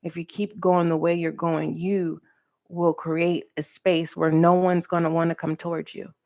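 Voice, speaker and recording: A woman reading tarot for her channel, talking earnestly and preachily to the viewer with pauses and direct address. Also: fairly low pitch, level tone, a little mellow. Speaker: tarot reader. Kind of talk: spiritual tarot reading monologue.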